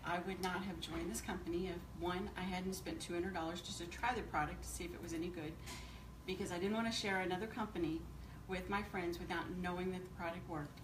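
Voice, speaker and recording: A woman's voice: on the low side, fairly even intonation, a little fast, reverberant, background noise. Woman, from Kansas City, emphatic testimonial, distant mic. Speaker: company distributor speaking at a meeting. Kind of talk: casual testimonial to an audience.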